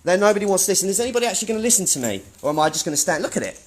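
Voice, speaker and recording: This self-filming activist confronts workers in a public office, his high voice sing-song and racing along. Indignant and argumentative, he circles back to the same points again and again as he narrates.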